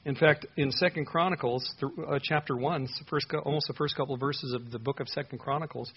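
A man preaching a sermon with a husky, slightly breathy voice. He talks in a loose, conversational way, full of filler words and sudden emphasis. The recording sounds dull and lo-fi. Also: mid-range voice, fairly even intonation, fast, few pauses. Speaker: pastor. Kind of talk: expository sermon.

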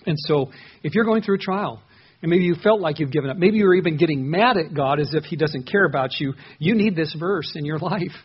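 A pastor talks through scripture in an earnest, conversational way, often circling back to restart a thought. His voice is a man's, pitched a bit high and somewhat husky. The recording has a slightly dull, lo-fi sound. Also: a little fast. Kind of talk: expository sermon on a psalm.

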